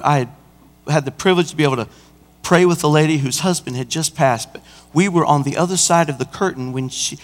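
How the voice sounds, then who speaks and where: Male pastor mid-sermon, animated delivery, higher-pitched, recorded in a reverberant hall. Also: fairly quick. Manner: animated preaching, acts out an anecdote. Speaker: senior pastor. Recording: church hall with long reverb.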